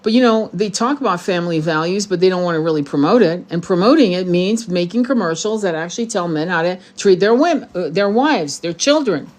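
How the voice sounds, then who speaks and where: A woman's voice: on the low side, lively intonation, brisk, hardly any pauses, darkish tone. Blunt, profane woman ranting to viewers. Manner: blunt, profane, heated, many restarts. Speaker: tarot channel host. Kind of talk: casual monologue to viewers.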